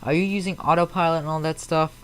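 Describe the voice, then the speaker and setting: A fast-talking man with a voice on the high side, clear and resonant, keeps his intonation fairly even. He streams a flight simulator from home in casual live-stream chat, answering viewers' messages aloud as they come in.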